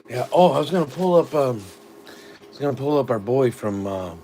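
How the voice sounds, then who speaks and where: A man's voice: mid-range voice, mellow, a little hiss or hum. A middle-aged father chatting casually on a family live stream, a rambling storyteller full of "like" fillers.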